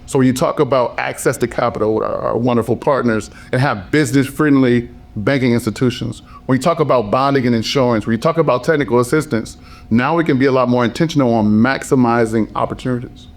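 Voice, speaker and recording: Male panel speaker, hoarse from a lost voice, emphatic and driven, mid-range pitch. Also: fast talker. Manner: passionate, emphatic, repetitive phrasing. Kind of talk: panel talk.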